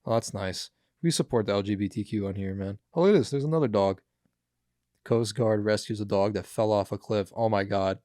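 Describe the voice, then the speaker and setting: A man's voice: on the low side, a little fast, warm tone, no room sound, clean studio sound. A young man hosting a podcast, chatting casually about news clips, rambling and swearing with many fillers. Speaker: podcast host.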